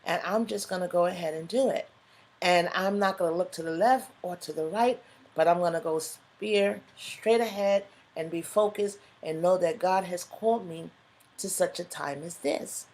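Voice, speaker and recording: A woman's voice: lowish voice, moderate pace, a little mellow. A middle-aged woman hosting her own live online show, talking in an emotional, fervent way that builds into preacher-like exhortation. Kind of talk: live stream talk, preacher-like testimony.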